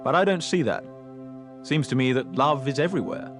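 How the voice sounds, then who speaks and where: An actor voicing a calm, reflective male prime minister in a film voiceover. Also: mid-range voice, brisk, natural voice. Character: gentle British male prime minister narrating. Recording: film clip over loud music score.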